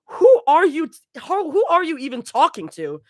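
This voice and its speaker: A woman's voice: sits high, huge pitch swings, normal speed, no room sound, clean studio sound, voice pushed up. A woman reading as an exasperated snarky young woman.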